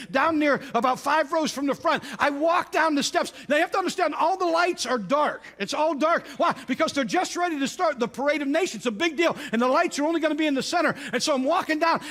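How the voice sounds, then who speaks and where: High-voiced preacher, loud then hushed. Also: male voice. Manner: storytelling preacher, swings from loud exclamations to hushed intensity. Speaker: pastor. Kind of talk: sermon.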